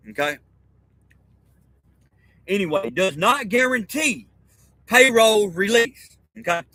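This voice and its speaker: Man, high register, crisp dry sound; rambling profane monologue, conspiratorial teacher, keeps saying okay. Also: lively intonation, unhurried, pauses often, pushed and bright, no echo, low-quality recording. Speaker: self-styled teacher. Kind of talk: rambling spoken monologue reading a document aloud.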